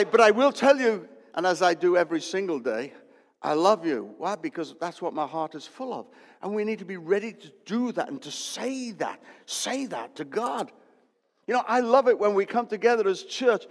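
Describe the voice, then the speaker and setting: A man, preaching a lively, joking sermon in a church. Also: high-pitched. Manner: lively, joking, loud bursts. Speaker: pastor. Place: church hall. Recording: long hall reverb.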